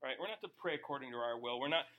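A man preaching a sermon, animated, with many rhetorical questions and quick acted-out asides. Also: medium pitch, narrow, tinny audio. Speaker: pastor.

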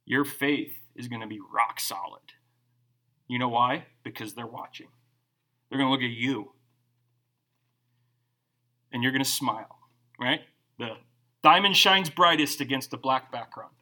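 A man's voice: mid-range voice, measured pace, long pauses. A middle-aged male pastor preaching a sermon, joking and acting out quotes as he tells stories. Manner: animated, joking storyteller who acts out quotes.

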